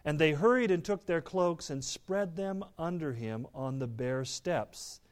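A man preaching a sermon, reading scripture aloud and explaining it, turning dramatic and loud on the quoted speech. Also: a little high, expressive, a little slow.

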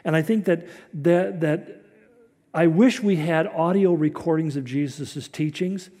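A man delivers a relaxed, conversational sermon with a folksy, wry touch, laughing lightly at his own asides. His voice sits a little high for a man, with a mellow, soft-edged tone. The sound carries a long, hall-like reverb. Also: unhurried. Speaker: preacher.

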